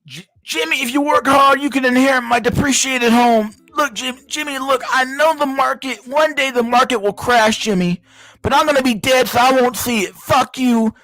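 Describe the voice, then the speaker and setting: A man's voice: extremely high pitch, fairly even intonation, moderate pace, sharp tone, no echo, voice pushed up, full character voice, low-quality recording. A man voicing a spiteful old man who taunts his grandson on his way out. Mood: taunting. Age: older. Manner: taunting, sneering.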